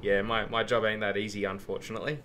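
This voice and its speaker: A man's voice: fairly low pitch, level tone, quick pace, bright, forceful tone, slight background noise. A man streaming a sim race, chatting casually with friends and laughing often. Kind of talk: casual chat while racing.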